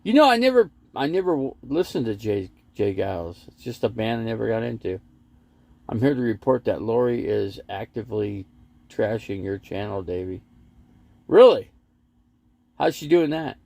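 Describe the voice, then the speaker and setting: A man's voice: fairly low pitch, animated, normal speed, creaky, mellow, no room sound. A man hosting a casual live stream from his RV, rambling between stories and reading viewer comments aloud. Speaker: livestream host. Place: inside an RV parked in a lot.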